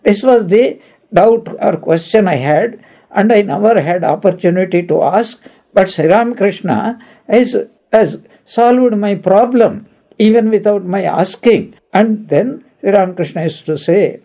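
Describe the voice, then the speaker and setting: Casting: man, higher voice, mellow tone, explains scripture patiently. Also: measured pace. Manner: chants Sanskrit verses then explains them, asks the audience questions. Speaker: spiritual teacher. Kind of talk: scripture lecture.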